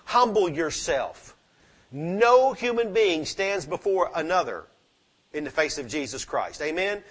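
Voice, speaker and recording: A man pastor preaching a sermon in a church, fervent, swinging between loud peaks and quiet asides. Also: fairly high pitch. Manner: fervent preaching that rises and drops sharply. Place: church sanctuary with amplified mic.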